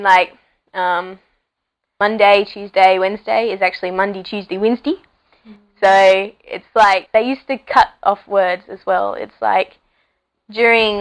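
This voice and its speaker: A woman's voice: medium pitch, poor audio. A seventeen-year-old girl with a Western Australian accent, talking loosely about herself with lots of fillers. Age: teens. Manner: chatty, loose, many fillers and likes. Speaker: student speaker. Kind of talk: casual spoken monologue.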